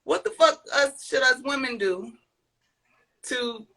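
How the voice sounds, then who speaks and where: A woman's voice: high-pitched, takes it slowly, pushed and bright. A woman hosting a casual podcast, frank and blunt as she asks questions. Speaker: podcast host.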